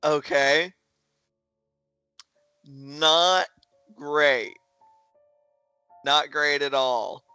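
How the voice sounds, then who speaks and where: A man's voice: on the high side, fairly even intonation, extremely slow, long pauses, pushed and bright, smooth, no echo, lo-fi sound, soft background music. A man in a tabletop game, talking casually and hesitantly and laughing often. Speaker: player.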